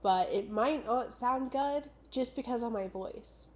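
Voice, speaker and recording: A woman's voice: on the high side, measured pace, darkish tone, a little hiss or hum. A young woman in her twenties, sick and stuffed up, chatting casually and rambling through a book vlog with lots of "like" and "I don't know". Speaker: booktuber.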